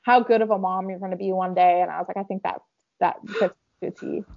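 A woman's voice: medium pitch, fairly even intonation, brisk, gravelly, muffled recording. A woman with a Southern American accent, co-hosting a podcast in casual chat, talking in a chatty way with lots of fillers. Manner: chatty, lots of "like" and self-talk. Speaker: podcast co-host.

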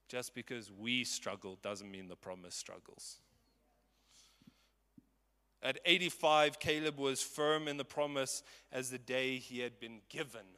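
A man's voice: mid-range voice, pushed and bright, big-room sound. A man in his twenties preaching a sermon with passion and emphasis. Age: 20s.

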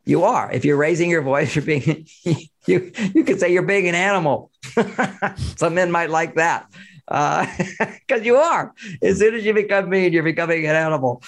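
This man's voice is on the high side with vocal fry, at normal speed. Appearing on a podcast, he offers conversational relationship advice, emphatic and explanatory with frequent chuckles, and talks about his own marriage.

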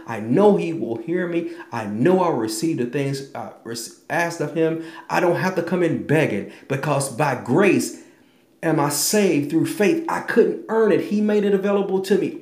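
A man preaching a sermon with emphatic delivery, quoting scripture and swinging between raised and hushed lines. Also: on the high side, echoey room.

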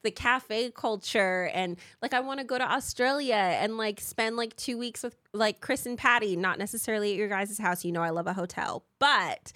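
A woman in her thirties chats on a podcast in a lively, candid way, peppering her stories with swearing and little impressions of the people she talks about. Her voice sits at an ordinary middle pitch. The sound is close and dry, with no room around it. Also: moderate pace, hardly any pauses, no room sound. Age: 30s. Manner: animated, swears freely, acts out quoted people. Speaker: podcast co-host. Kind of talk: casual chat. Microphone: podcast mic.

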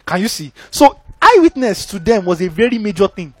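Fast-talking high-voiced preacher. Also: male voice, faint music behind. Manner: animated, conversational, frequent rhetorical checks. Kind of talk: sermon.

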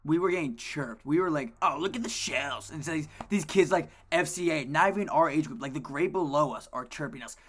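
A man co-hosting a casual podcast, telling coaching stories in an animated way and swearing a lot. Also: fairly high pitch, a little fast, hardly any pauses. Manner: animated storytelling, heavy swearing. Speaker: co-host, youth lacrosse coach.

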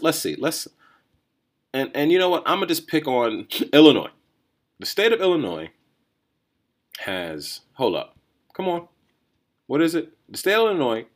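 Animated New man ranting. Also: a little high. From New Jersey or New York area, USA. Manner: animated, rambling, thinks aloud with restarts and "right?" tags. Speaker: podcast host. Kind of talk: casual solo commentary.

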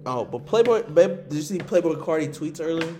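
A young man talks in loose, slangy casual chat, arguing his side and quick to push back. His voice sits a little higher than most men's. Faint music plays behind him. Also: expressive, mellow.

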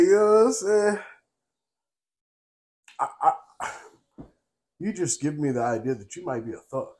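Casual and streetwise, this young podcast co-host swears freely while telling stories, forever tacking on "you know what I'm saying." His voice sits in the mid range, and when he gets worked up he turns loud and breaks into laughter.

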